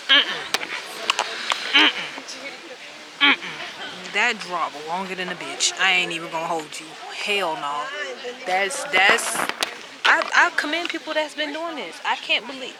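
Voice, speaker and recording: A young woman talks casually into a handheld camera by a lakeside cliff. She jokes in slang and laughs often. Loud outdoor noise runs under her voice. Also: mid-range voice. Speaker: travel vlogger. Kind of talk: casual vlog chat.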